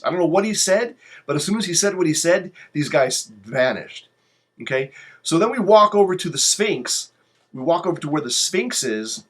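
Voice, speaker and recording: A man with a fairly high voice tells travel stories off the cuff. He rambles, swears freely and gets animated as he goes. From lives in Poland. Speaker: vlogger. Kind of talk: casual travel storytelling.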